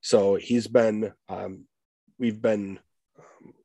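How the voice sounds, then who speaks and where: A man with an American Midwest accent hosts a podcast interview in a casual chat, talking haltingly with many fillers and restarts. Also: on the low side, steady tone, creaky, warm tone, breathy edge, no echo. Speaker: podcast host.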